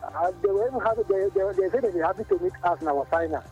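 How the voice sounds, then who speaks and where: Man, Nigerian accent, radio caller, high voice, very fast, stumbling, dull phone line. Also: expressive, over music. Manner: eager, stumbling, argumentative.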